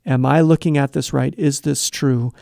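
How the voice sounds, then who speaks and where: A man's voice: mid-range voice, steady tone, normal speed, gravelly, a little mellow, no echo, clean studio sound. A middle-aged man giving Christian advice, explaining step by step in an earnest conversational way and acting out short bits of dialogue. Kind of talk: conversational teaching.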